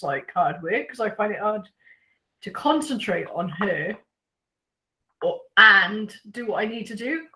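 A woman hosting a podcast chat, relaxed and rambling, laughing often. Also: mid-range voice. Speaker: podcast host. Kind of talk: casual chat.

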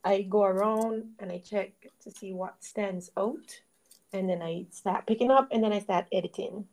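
A young woman co-hosting a podcast, chatting in a gushing, animated way and drawing words out for emphasis. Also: mid-range voice, normal speed, rough recording. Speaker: podcast co-host. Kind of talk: casual chat.

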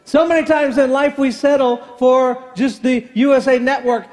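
Pastor in his fifties, high voice, animated storyteller, preaching in a reverberant church. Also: moderate pace. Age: 50s. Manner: animated, acts out dialogue with sound effects. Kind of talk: comic sermon storytelling. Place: church sanctuary. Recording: long church hall reverb.

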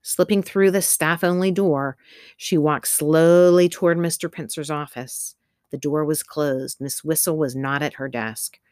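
A woman reads a novel aloud in a steady, measured way, her voice sitting quite low. The recording is close and completely dry, with no room sound at all. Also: no room sound. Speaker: audiobook narrator. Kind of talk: scripted narration.

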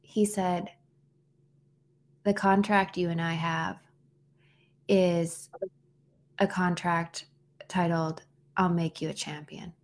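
Woman, thirties, lowish voice, earnest storyteller, casual podcast chat, frequent restarts. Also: level tone, slow pace, long pauses. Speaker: podcast co-host. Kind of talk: casual heartfelt conversation.

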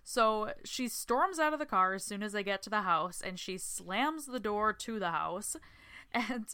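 Bright, smooth-voiced young woman podcaster. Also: medium pitch, animated, measured pace, dry recording. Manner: chatty, swearing, acts out quotes. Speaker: podcast co-host. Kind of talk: casual recap chat.

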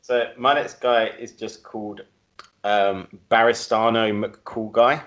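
A young man talks in an easy, hesitant way, pausing on "um"s. His voice is fairly low, and the recording is dull and lo-fi. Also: steady tone, fairly bright tone. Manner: laid-back, hesitant, with "um"s. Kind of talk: casual comedic podcast chat. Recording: dull lo-fi audio.

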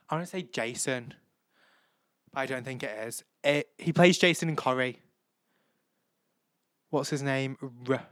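A man's voice: mid-range voice, fairly bright tone, clear, resonant tone, no echo, clean studio sound. A young man hosting a solo podcast, gushing and rambling and swearing freely. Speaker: podcast host. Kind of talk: casual solo podcast chat.

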